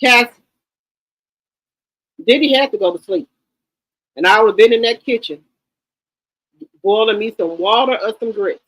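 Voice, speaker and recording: A woman's voice: on the high side, measured pace, pauses often, fairly bright tone, dry recording, poor audio. Woman in her 50s ranting on a stream, blunt, keeps repeating herself, dry close sound. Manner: blunt, emphatic, repeats words. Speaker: livestream host. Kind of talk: unscripted livestream commentary.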